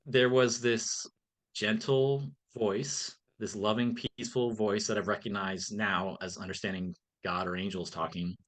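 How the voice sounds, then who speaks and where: A man's voice: medium pitch, fairly bright tone. A man speaking as a podcast guest in a casual interview, earnest and reflective, with frequent "um" and "like". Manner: earnest, reflective, many fillers.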